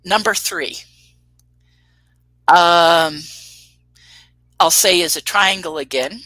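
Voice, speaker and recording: A woman guiding UFO tours tells her sightings on a radio talk show in a casual, animated way, acting out the people she quotes and laughing often. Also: on the low side, takes it slowly, no room sound, rough recording. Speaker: UFO tour guide telling sightings.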